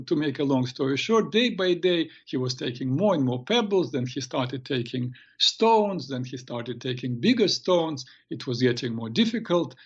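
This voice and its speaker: Earnest male host with a gravelly voice. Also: a little high, highs cut off. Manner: hesitant, many restarts, earnest. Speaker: radio show host and therapist. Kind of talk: advice talk and storytelling.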